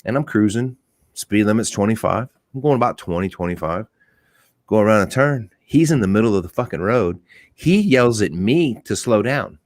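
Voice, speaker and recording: A man's voice: lowish voice, normal speed, no echo, clean studio sound. A man who works as a police officer, telling stories in a casual podcast chat, laughing often and acting out the people he met. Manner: laughing, animated storyteller who acts out voices. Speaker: police officer and apartment courtesy officer.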